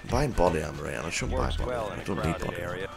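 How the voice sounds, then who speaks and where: A man's voice: low-pitched, animated, racing, vocal fry. A man with a Yorkshire accent giving rambling, casual commentary while streaming a game, swearing freely and chatting to viewers. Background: game music.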